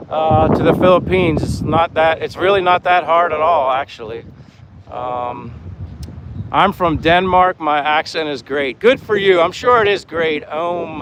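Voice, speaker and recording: A man in his fifties from Pennsylvania, chatting casually on a live stream while walking by the sea, rambling and friendly as he reads out viewer comments. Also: fairly high pitch. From Pennsylvania, USA. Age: 50s. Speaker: vlogger, live-stream host. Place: outdoors by the sea in a town. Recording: faint outdoor noise, wind on mic. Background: breeze and faint street and boat sounds.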